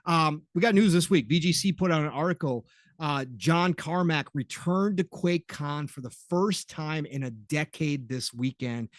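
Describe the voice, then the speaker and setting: A man co-hosting a casual gaming podcast, enthusiastic and quick to chime in with agreement. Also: on the high side, dry recording, studio quality. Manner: enthusiastic, talks over his co-host with quick agreements. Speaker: podcast co-host.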